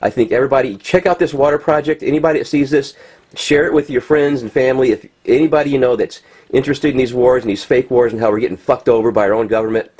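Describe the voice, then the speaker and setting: A man's voice: mid-range voice, steady tone, quick pace, darkish tone, husky. A man from the United States ranting in unscripted commentary, agitated, with many restarts and fillers. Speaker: vlogger. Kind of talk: unscripted commentary over pictures.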